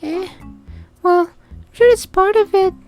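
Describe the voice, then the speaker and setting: Sayori, a bubbly high-voiced schoolgirl. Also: unhurried, soft background music. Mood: affectionate. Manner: gushing, giggly, easily excited. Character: cheerful bubbly teenage girl, airheaded and sweet. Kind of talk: voicing a visual novel character.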